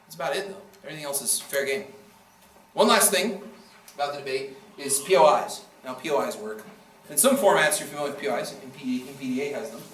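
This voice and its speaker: A man's voice: mid-range voice, quick pace, a bit bright, a little hiss or hum. A man giving a casual classroom lecture on debating, joking and acting out quoted speakers. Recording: echoey room from far off.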